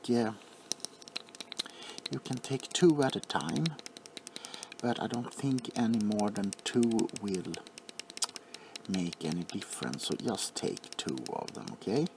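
A man playing an overly attached, sentimental pharmacist in a whispered role-play, softly fussing and apologizing. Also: mid-range voice, lively intonation, slow pace, pauses often, background noise.

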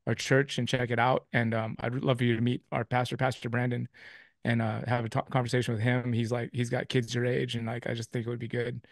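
A man's voice: mid-range voice, flat delivery, fairly quick, creaky, no room sound, studio quality. A man telling a personal faith testimony as a guest, rambling along with restarts and acting out what people said. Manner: rambling, with many restarts and quoted dialogue.

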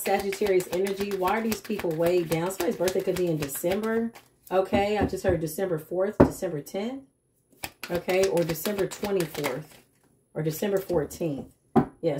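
A woman's voice: mid-range voice, very noisy. A woman giving a casual tarot reading straight to her viewers, chatty and emphatic, with slangy asides. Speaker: tarot reader.

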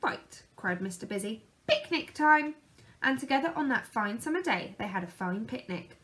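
Lively woman reading a picture book. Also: mid-range voice, a little fast. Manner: lively, expressive read-aloud. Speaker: storyteller.

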